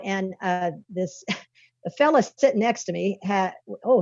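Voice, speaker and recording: A woman's voice: mid-range voice, a little mellow, no room sound. A woman who is a guest author, telling a story in a rambling, folksy way and laughing often between sentences. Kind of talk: conversational storytelling. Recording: dull lo-fi dry recording.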